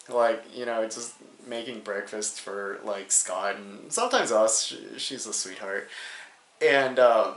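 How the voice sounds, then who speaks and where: A young man telling a comedic high school story in a rambling way, with many fillers and laughs between phrases. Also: fairly bright tone. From New Hampshire, USA. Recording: roomy echo.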